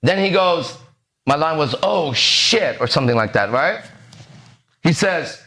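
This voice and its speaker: A man in his forties hosting a podcast, telling a story in a lively way that acts out the voices and keeps checking in with the listener. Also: fairly high pitch, moderate pace. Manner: animated, acts out quoted lines, keeps checking in with "right?". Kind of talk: casual storytelling.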